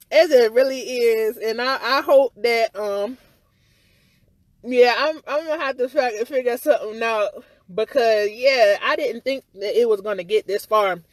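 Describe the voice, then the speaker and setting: A woman with a high voice speaks right into her phone outdoors, rambling in a frustrated, candid rant full of fillers and the odd curse. The sound is dry and close, with no room around it. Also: no room sound. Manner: rambling and frustrated, full of "you know" and "or whatever", with occasional swearing. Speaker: vlogger giving her side of a viral incident. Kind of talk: candid livestream-style rant. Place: outdoors outside her house.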